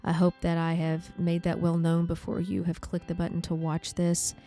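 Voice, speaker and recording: A podcast host telling her own story, candid and halting, with many pauses and fillers. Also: fairly low pitch, completely flat delivery, warm tone, faint music behind. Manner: candid, halting, reflective, says like often. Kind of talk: personal storytelling.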